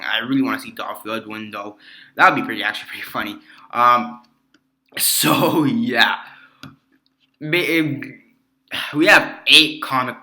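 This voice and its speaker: Bright-voiced rambling male movie reviewer. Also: mid-range voice. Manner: rambling, many fillers and restarts, casual swearing. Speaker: movie reviewer, channel host. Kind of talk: casual movie review vlog.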